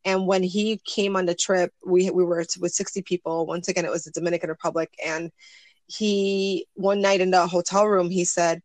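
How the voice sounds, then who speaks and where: A woman's voice: lowish voice, level tone, moderate pace, a little mellow, no echo. A woman in her forties, a guest in an interview, telling a personal story earnestly and acting out what others said. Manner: earnest, storytelling, acts out quoted voices. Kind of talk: casual interview conversation.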